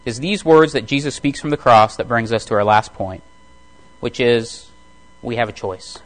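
Measured male preacher reading scripture. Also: medium pitch, a bit bright, poor audio. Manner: measured, reads scripture slowly and deliberately. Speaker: pastor. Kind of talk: sermon.

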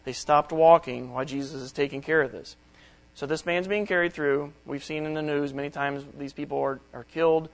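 A middle-aged man preaches a Bible study at a brisk pace, his fairly high voice steady in tone and marked by vocal fry. He reads the verses aloud, then explains them plainly, on poor-quality audio.

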